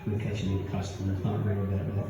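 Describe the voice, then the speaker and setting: Comedian, distant and echoey. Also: male voice, deep voice, monotone, fast talker, noisy background. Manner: rambling, loses the thread, laughs at his own jokes. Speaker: stand-up comedian. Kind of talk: live stand-up jokes. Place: pub function room with live audience. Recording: echoey, distant, dull audience recording.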